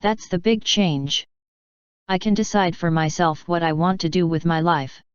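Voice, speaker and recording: A woman voicing a female pony who is a wife close to tears, defensive and hurt, in a very smooth, dry, lo-fi reading. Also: on the low side, measured pace, no room sound, close to an everyday voice. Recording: dull lo-fi.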